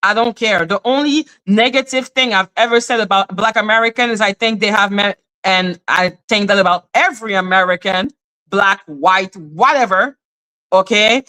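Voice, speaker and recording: A woman from Canada, holds forth on her live stream in a heated, casual rant. Her voice is bright and sharp, and she leans hard on her points, swears without pause and slips into high squeaky voices to mimic others.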